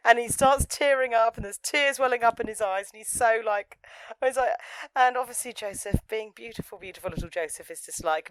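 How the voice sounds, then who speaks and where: A woman's voice: medium pitch, expressive, brisk, smooth, no room sound, low-quality recording. A woman co-hosting a casual review podcast, gushing enthusiastically and playfully acting out scenes. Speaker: podcast co-host.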